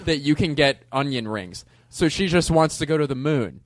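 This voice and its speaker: A man's voice: fairly high pitch, lively intonation, moderate pace, no echo, studio quality. A man guesting on a comedy podcast, chatting casually and riffing playfully on the host's jokes. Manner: playful, riffs on the host's bits.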